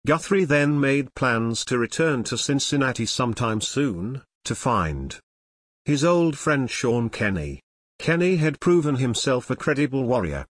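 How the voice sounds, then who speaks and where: Male narrator for a true-crime book: measured and expressive, with a lively rise and fall, recorded dry. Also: medium pitch, no room sound.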